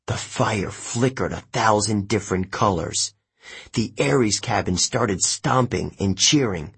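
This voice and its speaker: A man narrates an audiobook in the first person with a husky, rough-edged voice. He takes his time, reading slowly and steadily in a plain, measured way. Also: lowish voice, lively intonation, fairly bright tone.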